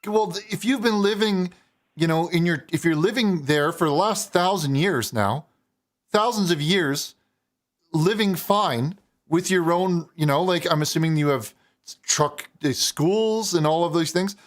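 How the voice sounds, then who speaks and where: A man's voice: fairly high pitch, unhurried. A man hosting a live call-in talk show, chatting casually and prompting his caller with questions. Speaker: talk show host, pastor.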